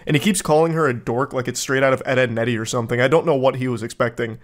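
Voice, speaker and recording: A man's voice: medium pitch, fairly even intonation, very fast. A man giving sarcastic, exasperated commentary while reading out text messages, often breaking into laughter.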